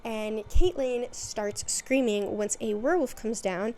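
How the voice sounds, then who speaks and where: A woman's voice: a little high, unhurried, darkish tone, a little hiss or hum. Chatty woman rambling through a recap. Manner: chatty, lots of fillers and asides. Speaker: video host.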